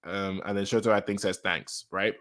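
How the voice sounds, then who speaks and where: A man's voice: fairly low pitch, moderate pace. A man reading a comic chapter aloud and reacting to it in casual chat, often repeating his reactions. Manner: reads lines aloud then reacts, repeating himself excitedly. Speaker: manga reaction host.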